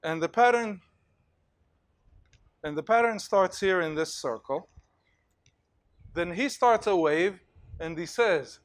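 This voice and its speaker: A male university lecturer giving an animated lecture in a hall, telling stories and acting out examples with plenty of fillers. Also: high voice, takes it slowly, pauses often. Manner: animated storytelling, acts out cheers, many fillers.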